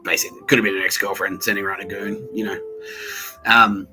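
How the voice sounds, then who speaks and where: A man's voice: on the low side, little pitch movement, fast, over music, low-quality recording. An Australian man hosting a podcast, telling a rambling, crude story full of swearing and muttered asides. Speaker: podcast host. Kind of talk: rambling profane monologue.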